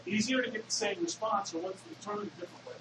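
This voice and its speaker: A man's voice: sits high, fast talker, noisy background. A man giving a classroom lecture, explaining step by step and putting questions to the class. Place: lecture hall. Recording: echoey lecture hall.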